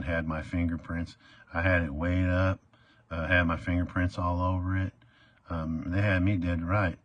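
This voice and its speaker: A man's voice: sits low, breathy edge. A man telling a personal story in a rambling, casual way, full of fillers. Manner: rambling, many uh fillers, acts out quotes.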